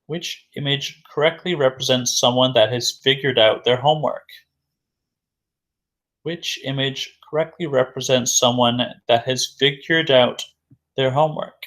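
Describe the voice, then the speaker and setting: Slow, deliberate male English teacher. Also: mid-range voice, fairly bright tone. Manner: slow and deliberate, repeating key words; asks questions then answers them himself. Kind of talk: recorded vocabulary lesson.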